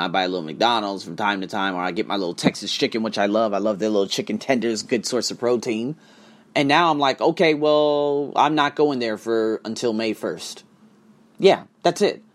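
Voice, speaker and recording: A man ranting casually and profanely to his viewers, swinging between loud outbursts and hushed asides. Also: on the low side, fairly quick. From United States. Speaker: vlogger and online teacher. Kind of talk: casual profane rant to camera.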